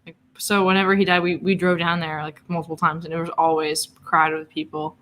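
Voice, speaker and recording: Bright-voiced young woman from Tennessee. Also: lowish voice, level tone, a little hiss or hum. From Nashville, Tennessee. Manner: playful, dramatic, quick to tease. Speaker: co-host. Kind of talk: casual livestream chat.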